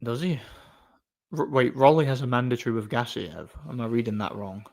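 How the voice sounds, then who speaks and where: A man's voice: medium pitch, fairly quick, a little mellow. A man hosting a casual livestream, rambling through stories with chuckles and frequent restarts. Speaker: livestream host.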